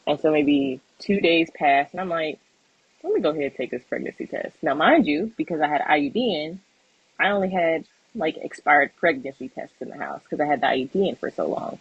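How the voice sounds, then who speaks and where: A young woman co-hosting a podcast, telling a personal story in a casual, animated way, acting out the voices of others and laughing often. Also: low-pitched, fairly quick, husky, dry recording, muffled recording. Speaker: podcast co-host.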